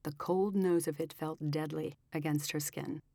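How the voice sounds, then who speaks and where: A woman with a notably low voice narrates an audiobook in a measured, dramatic way. The sound is close and dry, with no room echo. Her delivery stays steady and deliberate. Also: gravelly. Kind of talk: scripted narration.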